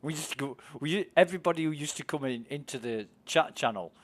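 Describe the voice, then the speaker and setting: A man's voice: fairly high pitch, quick pace. An English man with an English accent, chatting casually and telling rambling stories while streaming a game. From England. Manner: chatty, rambling storyteller, swears freely, laughs easily. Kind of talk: casual chat while gaming.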